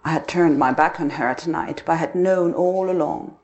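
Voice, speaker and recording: A woman narrating a dark first-person literary story, expressive and dramatic. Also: low voice, normal speed, muffled recording.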